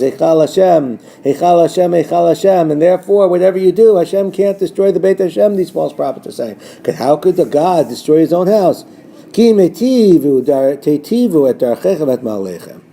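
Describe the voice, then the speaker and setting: A male teacher giving a recorded lesson on a biblical text, reading Hebrew verses slowly and translating them line by line. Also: warm tone. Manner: rises in pitch when quoting the false prophets' words.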